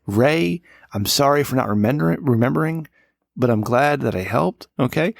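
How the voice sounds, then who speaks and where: A gravelly-voiced man in his late thirties rambles through a casual podcast chat, profane and a little drunk. He is recorded close on a dry studio mic. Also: mid-range voice, expressive, moderate pace, no room sound. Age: 30s. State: slightly drunk. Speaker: podcast co-host. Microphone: studio microphone.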